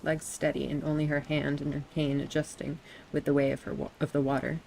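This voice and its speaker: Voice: mid-range voice, little pitch movement, fairly quick, vocal fry, darkish tone, slight background noise, poor audio. A streamer reading a visual novel aloud and voicing its characters, stumbling over words and odd names.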